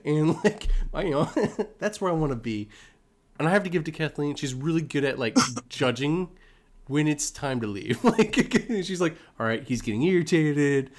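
An easygoing man chats casually, chuckling often. His voice is a bit high for a man and moves up and down a lot. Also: animated, moderate pace. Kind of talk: casual chat.

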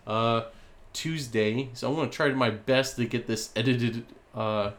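A man's voice: mid-range voice, a little slow. Tired, easygoing male podcast host. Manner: loose, relaxed talk with restarts. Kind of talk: casual podcast chat.

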